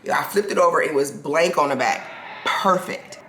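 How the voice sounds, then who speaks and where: A woman in her forties telling a personal story to her own camera, animated and restarting sentences. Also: low voice, normal speed, echoey room, a little hiss or hum. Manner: animated, restarts sentences, acts out quoted people. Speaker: vlogger. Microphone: self-filmed camera.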